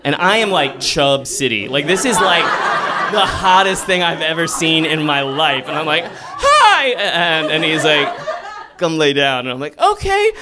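A young man telling a self-deprecating comic story live, acting out quoted lines with sudden high squeals. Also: very noisy.

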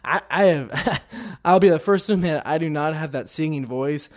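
Brief: man, fairly high voice, earnest confessional testimony, halting restarts. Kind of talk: personal faith testimony.

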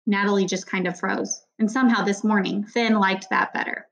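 A woman reading an audiobook narration, even and steady. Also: mid-range voice, brisk, creaky, muffled recording. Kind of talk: scripted narration.

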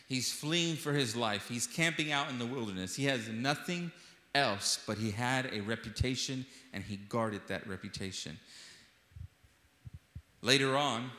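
Bright-voiced man preaching in echoey hall. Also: mid-range voice. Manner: impassioned preaching, repeats phrases for emphasis. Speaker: pastor. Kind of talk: sermon. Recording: echoey hall with long reverb.

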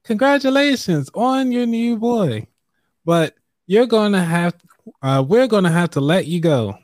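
A man doing a bright, sing-song female office supervisor, her voice pushed way up high and breezy. She sounds upbeat and businesslike, a corporate boss on a phone call as a host reads her part aloud. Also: lively intonation, a little slow, no room sound, studio quality. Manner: high falsetto-like imitation of a woman.

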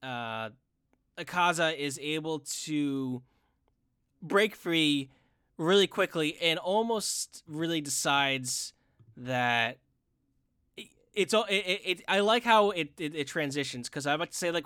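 Man, casual co-host, bright and clear, excitable rambler, dry close mic. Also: a little high, a little slow, no room sound. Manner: excited, rambling with many restarts and fillers. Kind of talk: casual chat reviewing an anime film.

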